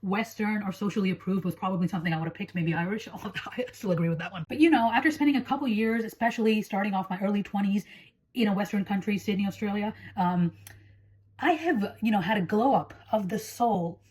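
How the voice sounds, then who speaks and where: A woman's voice: medium pitch, fast, darkish tone, breathy edge. Chatty young woman with American-leaning English. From India. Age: 20s. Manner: chatty, playful, mock voices for jokes. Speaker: vlogger. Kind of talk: casual talk to camera.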